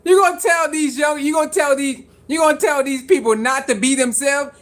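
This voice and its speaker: Animated vlogger ranting to viewers. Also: high voice, moderate pace. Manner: animated, repetitive, rhetorical questions to viewers. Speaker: sports commentary vlogger. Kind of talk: casual commentary to camera.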